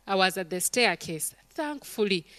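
A woman's voice: mid-range voice, moderate pace, dry recording. A middle-aged woman, preaching a sermon to a congregation and acting out stories and quotes. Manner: animated storytelling, acts out quotes, calls to the congregation.

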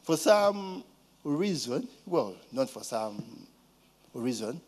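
A man's voice: medium pitch, big pitch swings, slow pace, darkish tone, slightly rough. A man with a Ugandan accent telling a casual story, asking rhetorical questions and now and then mimicking a child's voice.

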